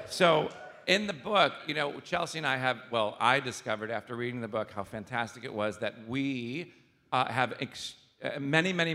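A man hosts a casual interview with a bright, forceful voice, tossing in quick joking quips. The room around him has a long reverb. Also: medium pitch. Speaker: host.

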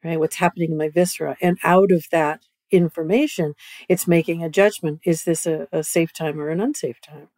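A woman's voice: sits low, fairly even intonation, fairly quick, darkish tone, dry recording. A woman guest on a podcast over a video call, explaining at length and often checking in with "right?". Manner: repeats "right?" often, starts phrases over. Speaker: guest expert. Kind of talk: conversational explanation.

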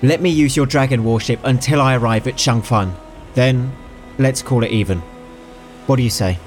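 A man voicing a scheming young prince in an audiobook, quick, mocking and commanding. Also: medium pitch, faint music behind, voice pushed up, natural voice. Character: scheming young male prince, cocky and cruel. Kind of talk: audiobook character voice.

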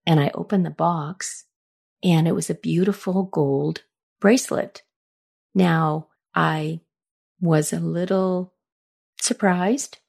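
A woman's voice: lowish voice, steady tone, takes it slowly, creaky, long pauses, darkish tone, husky. A middle-aged woman hosting a podcast, telling personal stories in a chatty, reflective way. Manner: chatty, reflective, acts out quoted lines with a raised voice. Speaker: podcast host. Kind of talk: casual personal storytelling.

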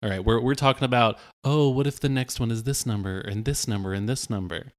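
Co-Host mit hastigen, wirren Ideen. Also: male voice, mid-range voice, fairly quick. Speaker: producer and co-host. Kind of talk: comedy podcast banter.

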